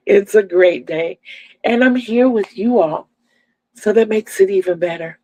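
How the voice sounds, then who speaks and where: A woman's voice: mid-range voice, lively intonation, unhurried, warm tone, no echo, poor audio. A woman in her sixties from Virginia, hosting her crochet channel in a homey, chatty livestream and calling her viewers "y'all". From Virginia, USA. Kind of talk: casual livestream chat.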